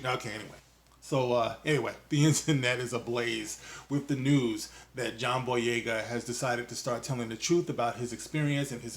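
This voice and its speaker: Male commentary host, casual monologue, mocking tone, jokey asides. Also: mid-range voice. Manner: loose and mocking, quick asides, sings and jokes.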